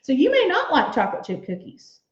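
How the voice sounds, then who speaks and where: A woman teaching young children a writing lesson, speaking slowly, encouraging them and sounding out letters and words aloud. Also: sits high, huge pitch swings. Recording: echoey room, slightly dull sound.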